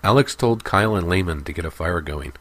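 A man narrating a story in a steady, even audiobook style. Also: low-pitched, a little fast.

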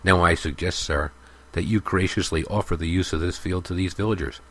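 A man voicing a strong, furious young village leader who speaks slowly and menacingly. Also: sits low, a bit bright. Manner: slow, cold, menacing.

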